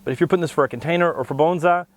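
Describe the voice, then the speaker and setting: A man co-hosting a plant show, explaining tree varieties in a steady, knowledgeable way. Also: fairly high pitch, rapid-fire. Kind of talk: informative product talk.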